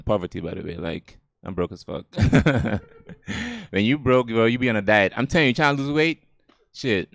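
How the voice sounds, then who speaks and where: This stand-up comedian from Gambia speaks in a mid-range voice with a Gambian accent, running through a loose, profane set on an outdoor stage beneath string lights and laughing at his own material. The audio is dry and studio quality.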